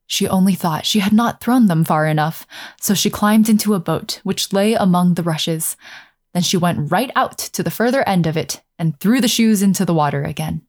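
A woman narrating a fairy tale aloud in a calm, measured way, slowing down over scenic passages. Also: fairly low pitch. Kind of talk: storybook narration.

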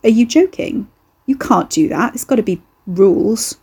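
A woman's voice: on the high side, animated, moderate pace, mellow, slightly rough, heavily acted. A woman voicing an anxious, exasperated young woman in an audiobook. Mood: wary. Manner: exasperated, groaning.

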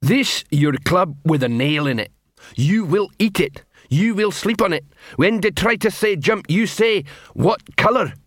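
A pompous, slow-witted troll sergeant barks orders at his recruits, as a male audiobook narrator puts him on. The voice jumps high and loud, full of swollen pride, in a dry, close recording. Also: expressive, dry recording, heavily acted. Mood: pompous bellowing. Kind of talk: audiobook character voice.

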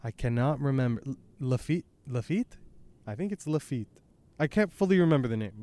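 A man's voice: medium pitch, expressive, moderate pace, mellow. Rambling man reading a manga aloud. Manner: rambling, reads dialogue aloud, trails off. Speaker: podcast host. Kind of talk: casual chapter read-through.

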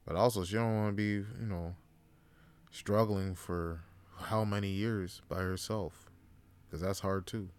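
A man's voice: sits low, fairly even intonation, a little slow, clear, resonant tone. Profane, rambling man on a podcast. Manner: profane, rambling, laughs often. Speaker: podcast host. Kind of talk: casual opinion monologue.

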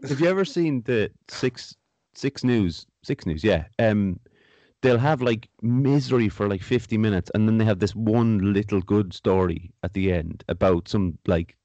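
Deep-voiced man, thoughtful. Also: mellow, no echo, muffled recording. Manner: reflective, measured, repeats words as he thinks. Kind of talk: casual chat.

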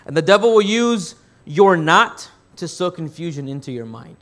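A male pastor preaching a sermon, telling stories with big swings between loud and hushed, often repeating words as he restarts. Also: fairly high pitch, normal speed, few pauses. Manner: animated storytelling with big swings in loudness.

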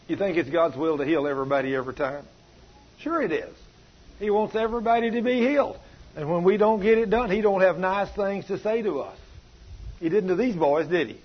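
A man's voice: sits high, fairly quick, slightly rough, lo-fi sound. A man preaching a sermon, folksy and plainspoken, his delivery swelling and dropping. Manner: folksy, rising and falling preaching cadence.

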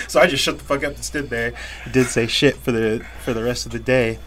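With a mid-range voice that is animated and brisk, a young man co-hosts a podcast and spins stories in casual conversation. He curses openly, laughs as he goes and performs quotes at a yell.

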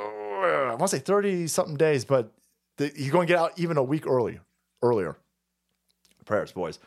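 A man hosting a livestream, ranting about politics in a profane, rambling way and laughing often. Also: fairly high pitch. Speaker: livestream host.

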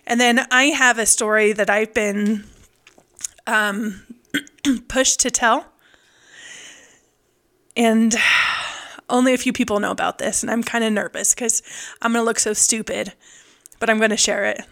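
A woman in her thirties, a podcast co-host and hairstylist, telling a story in casual chat with lively, laughing delivery. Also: on the high side, measured pace, long pauses.

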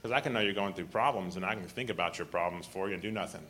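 A man with a deep, grumbly voice, preaching a sermon, often clearing his throat and restarting his sentences. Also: racing, a bit bright.

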